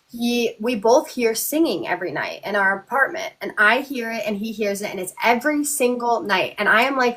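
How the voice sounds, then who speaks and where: A woman's voice: mid-range voice, a bit bright. Young woman host, chatty storyteller, filler-heavy casual talk. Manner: chatty, lots of likes and ums, restarts. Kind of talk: casual live chat, storytelling.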